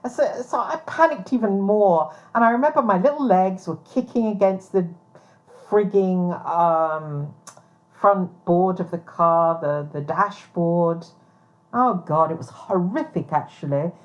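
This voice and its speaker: A woman with a fairly low voice speaks in a rambling, hesitant personal monologue. She fills gaps with ums and turns blunt, with frequent swearing. The recording sounds dull and lo-fi. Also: unhurried. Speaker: private investigator vlogger.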